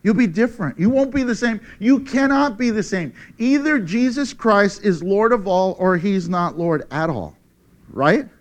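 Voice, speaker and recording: Preacher guy, kinda high voice, swings way up and down, laughs a lot, gets loud on the big lines. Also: normal speed. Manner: animated, laughs often, shouts for emphasis; dramatic scripture reading. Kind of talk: sermon.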